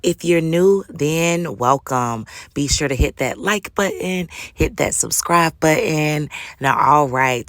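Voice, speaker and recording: A woman vlogger telling a story in a casual, animated, slangy way with frequent laughter. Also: sits low, no room sound, clean studio sound. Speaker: YouTube vlogger. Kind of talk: casual commentary vlog.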